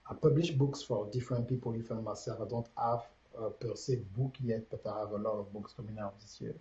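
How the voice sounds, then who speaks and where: A man's voice: fairly low pitch, steady tone, a little fast, warm tone, reverberant, lo-fi sound. A man with a French accent giving a livestreamed business coaching talk, counting off steps and repeating his key points in a preachy way.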